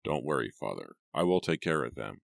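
A man narrating an audiobook voices a young eldest son who speaks calmly and reassuringly. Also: very deep voice, a little fast, creaky, no room sound, studio quality, exaggerated voice.

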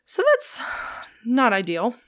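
A woman's voice: fairly high pitch, huge pitch swings, slow pace, fairly bright tone, no room sound, clean studio sound. A woman casually retelling a story on a podcast, swearing freely and acting out the quotes. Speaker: podcast host.

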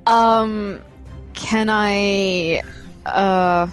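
A woman's voice: medium pitch, steady tone, very slow, soft background music. A woman playing a tabletop game, hesitant and full of fillers. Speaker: player. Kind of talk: casual tabletop play.

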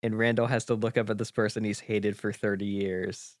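A man improvising a comic holiday story, animated and laughing often. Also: fairly low pitch, a little fast.

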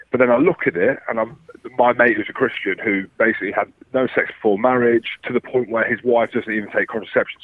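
A man rambling excitedly and swearing freely as a podcast co-host calling in, in casual banter. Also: lowish voice, no room sound. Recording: muffled phone line.

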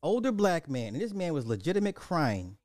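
A man's voice: fairly high pitch, a little fast, no room sound, clean studio sound. Loose-talking man ranting casually. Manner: loose, animated, swears, repeats himself.

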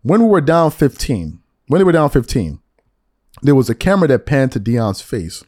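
A man in his forties hosting a solo sports podcast, talking straight to the mic with animated, mocking rants. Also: medium pitch, normal speed, no echo, clean studio sound. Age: 40s. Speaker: podcast host.

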